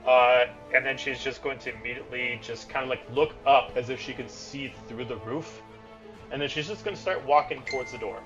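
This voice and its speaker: A man's voice: mid-range voice, brisk, fairly bright tone, highs cut off, faint music behind. A man narrating a tabletop game as game master, loose and rambling, with many fillers.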